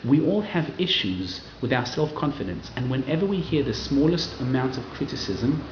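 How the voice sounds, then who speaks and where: A man giving a lively Torah class to a live audience, acting out quoted people in raised voices. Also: medium pitch, normal speed, noisy background. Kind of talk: lively sermon-style Torah lecture. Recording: roomy, slightly dull hall recording.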